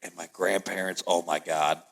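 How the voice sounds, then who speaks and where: A man with a deep, low-pitched voice hosts a relaxed podcast conversation. He tells stories with energy and slips into the voices of the people in them. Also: normal speed. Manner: animated storyteller, acts out family voices. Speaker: podcast host. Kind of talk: casual chat.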